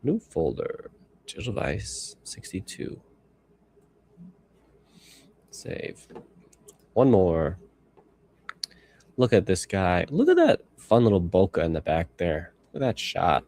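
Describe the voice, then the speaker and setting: A man's voice: low voice, wildly swooping pitch, slow, long pauses, darkish tone. A man in his thirties streaming live as he edits photos, rambling and talking to himself while he works. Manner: rambling self-talk, musing aloud. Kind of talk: casual livestream commentary while working.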